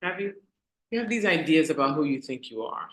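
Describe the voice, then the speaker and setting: A woman hosting a casual motivational talk for her online community, asking rhetorical questions and repeating key lines slowly for emphasis. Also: low voice, expressive, roomy sound. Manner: conversational, asks the audience rhetorical questions. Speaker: host.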